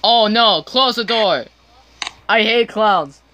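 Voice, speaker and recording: A woman's voice: a little high, slow pace, lo-fi sound, background noise. A young woman playing a horror game, swearing and screaming whenever something startles her. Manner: jumpy, swears and screams at scares. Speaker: gamer.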